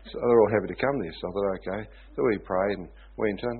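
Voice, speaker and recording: Husky-voiced New preacher. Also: male voice, lowish voice, fast talker. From New Zealand. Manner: animated storytelling, often asks "you know what I mean?". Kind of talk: sermon storytelling. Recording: tinny phone-like sound.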